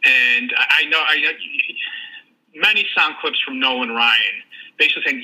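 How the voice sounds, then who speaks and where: A man's voice: mid-range voice, normal speed, sharp tone, low-quality recording. A man with a Buffalo accent co-hosting a sports podcast, laughing easily and making wry asides. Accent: Buffalo, New York. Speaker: podcast co-host. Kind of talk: casual sports chat.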